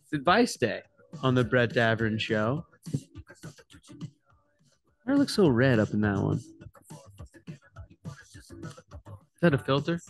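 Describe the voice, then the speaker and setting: A man's voice: medium pitch, sing-song, slow pace, creaky, pauses often. A man hosts a morning radio show in a playful, teasing way, his voice bouncing up and down with lots of life. Music plays steadily under his talk. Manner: jokey, slips into mock salesman voices.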